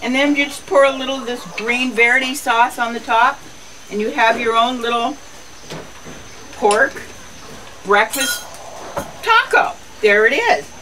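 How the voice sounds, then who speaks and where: A woman's voice: fairly high pitch, lively intonation, unhurried, long pauses, background noise. A woman hosting a casual cooking and garden show outdoors, chatty and folksy, chatting to her animals as she goes. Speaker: host of a lifestyle show.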